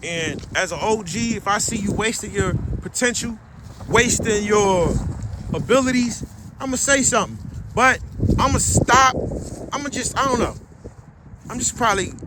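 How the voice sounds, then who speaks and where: A middle-aged man, a dog breeder, giving blunt, slangy, preachy advice in an outdoor vlog rant. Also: high-pitched. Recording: loud wind and boat noise.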